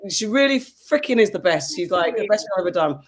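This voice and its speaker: A woman's voice: mid-range voice, fast. Woman host in her 40s, blunt and profane, casual podcast storyteller. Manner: blunt, swearing, animated storytelling. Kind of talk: casual chat.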